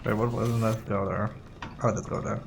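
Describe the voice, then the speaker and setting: A man's voice: on the low side, flat delivery, fast talker, creaky, music in the background. A man playing a co-op video game, chatting casually, joking, laughing often and swearing offhandedly. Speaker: gamer playing co-op. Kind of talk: casual gaming chat.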